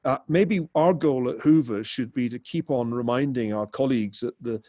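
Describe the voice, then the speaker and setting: A man on a panel discussion, speaking at a measured pace with frequent "uh" fillers. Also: medium pitch, warm tone, no echo.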